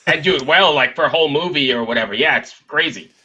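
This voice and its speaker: A man's voice: on the high side, fast, bright, forceful tone, slightly rough, muffled recording. A man hosting a casual podcast, playful and casually swearing. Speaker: podcast host.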